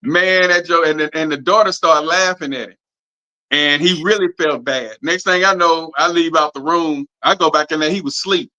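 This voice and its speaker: A middle-aged man hosting a podcast, telling a family story in a drawling, animated way and acting out quoted voices. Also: on the high side, normal speed, muffled recording. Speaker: podcast host. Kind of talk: casual storytelling chat.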